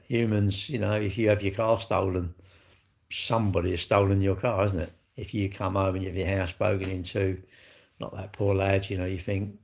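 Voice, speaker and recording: A man's voice: sits low, vocal fry, darkish tone. A man, rambling casually on a live stream as he answers viewer comments and keeps tacking tag questions onto his sentences. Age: 60s. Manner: rambling, chatty, ends lines with tag questions.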